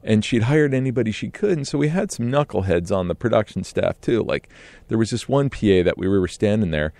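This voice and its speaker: A middle-aged man telling a casual story in an animated way, often laughing and acting out what others said. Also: on the low side, a little fast, dry recording. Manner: animated, laughs often, acts out quoted voices.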